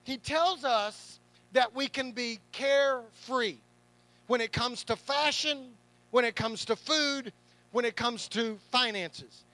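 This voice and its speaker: Bright, high-voiced preaching man. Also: slow, low-quality recording. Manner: emphatic preaching with repeated rhetorical questions; playful asides to the congregation. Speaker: pastor. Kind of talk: sermon. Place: church service before a congregation.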